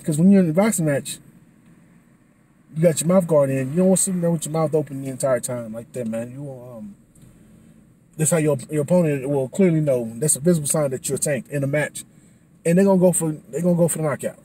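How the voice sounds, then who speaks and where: A man talking casually after a boxing class, animated and slangy, full of restarts, a little out of breath. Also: on the high side, brisk, slight background noise, poor audio. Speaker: vlogger. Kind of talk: casual vlog talk.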